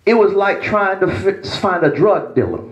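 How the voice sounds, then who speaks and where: A male pastor preaches in a high, animated voice, swinging between a low hush and raised emphasis. His sermon rings through an echoey church sanctuary. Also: normal speed.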